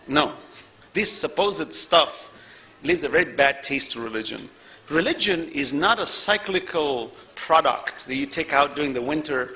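A man preaching a sermon to a congregation in an earnest, rhetorical way, building to loud emphasis. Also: high voice, highs cut off.

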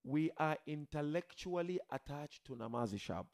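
A man preaching a religious sermon to a seated gathering, emphatic, swinging from loud declarations to quiet murmurs and addressing the listeners directly. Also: a little high, expressive, moderate pace, vocal fry. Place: gathering hall with a seated audience.

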